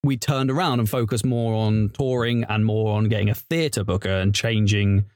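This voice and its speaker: A man with a lowish, a little mellow voice speaks at normal speed with fairly even intonation. As an improv comedian guest in a casual interview, he's chatty and rambling, restarting sentences and laughing. The recording is dry, with clean studio sound.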